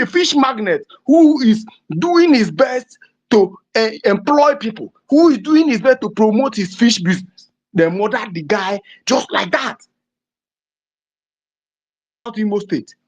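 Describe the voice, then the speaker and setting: A woman with a Nigerian accent delivers impassioned political commentary, her pitch leaping up and down as she presses each point. She speaks emphatically and sometimes climbs to a shout. The audio is dull and lo-fi. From southeastern Nigeria. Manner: fiery, emphatic, rises to shouting. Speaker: host.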